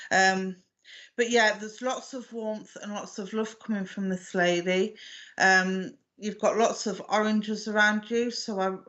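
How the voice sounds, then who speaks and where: A woman, working as a medium in a live online reading, speaking gently and affectionately with many hesitations and restarts. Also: mid-range voice, lo-fi sound. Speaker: psychic medium.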